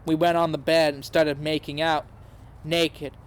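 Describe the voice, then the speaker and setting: A man's voice: a little high, flat delivery, a little slow, clean tone. A man hosting a podcast, giving a comedic dramatic reading with a mock-earnest tone and sarcastic asides. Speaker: podcast host reading aloud.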